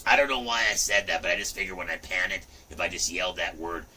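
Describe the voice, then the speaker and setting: A middle-aged man hosting a livestream, talking in a rambling, profane way with loud outbursts. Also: low voice, fast talker, recorded from a distance, slight background noise. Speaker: livestream host. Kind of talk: rambling casual livestream chat.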